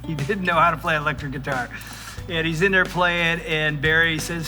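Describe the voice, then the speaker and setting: A man in his sixties, a pastor, telling the story of his ministry in a casual, animated way. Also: a little high, moderate pace, over music. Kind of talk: church service talk and testimony.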